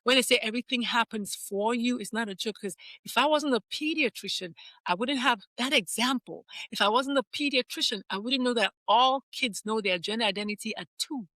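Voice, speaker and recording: A woman talks as a pediatrician guest, her voice pitched a little high and very bright. She tells her own story candidly and animatedly, repeating phrases for emphasis. The sound is dry and close. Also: brisk, no echo. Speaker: pediatrician and life coach guest.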